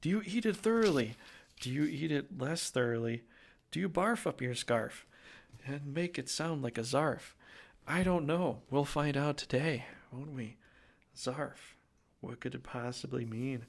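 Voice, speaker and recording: Slow, gravelly man reading tarot. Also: medium pitch. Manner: rambling, jokey, with wordplay and self-corrections. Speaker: tarot reader.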